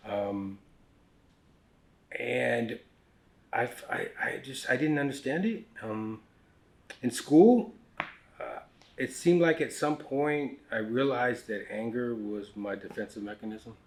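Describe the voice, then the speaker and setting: A middle-aged American man telling his life story candidly in a casual podcast conversation, with many fillers, restarts and quiet asides. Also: medium pitch, slow pace, pauses often. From United States.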